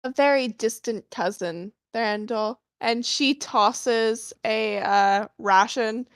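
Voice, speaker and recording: A woman's voice: a little high, slow, no echo. A woman playing a tabletop game, describing her character in a drawling way. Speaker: player. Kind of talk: casual in-character play.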